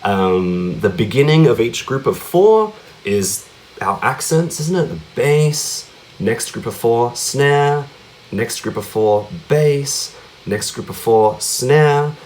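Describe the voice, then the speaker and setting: A man's voice: mid-range voice, lively intonation, slow, darkish tone. A man teaching cajon rhythms in a casual lesson, often checking in with questions like "yeah?" and "right?". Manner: chatty, asks many tag questions like yeah and right; counts out beats and vocalizes drum sounds.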